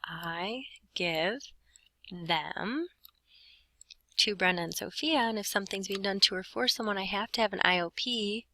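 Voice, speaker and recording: A woman's voice: mid-range voice, unhurried, bright, forceful tone, rough recording. A woman teaching a Spanish grammar lesson, explaining step by step and talking to herself as she writes. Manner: explains step by step, talks to herself while writing. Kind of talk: lesson walkthrough.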